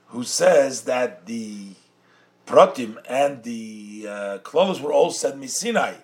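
A man teaching a Torah text, explaining phrases in English mixed with Yiddish and Hebrew terms in a sing-song study cadence. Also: mid-range voice. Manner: explains by translating phrases, then restating them. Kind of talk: Talmudic-style study lesson.

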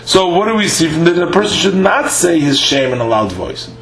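A Talmud teacher with a higher, sing-song voice and a fairly bright tone reads each Aramaic line aloud, then explains it in English, halting often with "uh." The room is echoey, with a faint hum.

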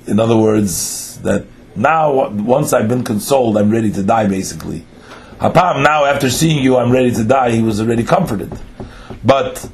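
A man leads a text study lesson, his voice sitting at an ordinary middle pitch. He reads a phrase, then explains it piece by piece in a patient, questioning way. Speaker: teacher.

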